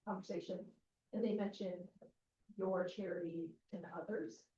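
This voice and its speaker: Female audience member, hesitant questioner, mellow tone, distant echoey pickup. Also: medium pitch, steady tone, normal speed, slight background noise. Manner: asks questions with hesitant phrasing. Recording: distant, echoey, dull room sound.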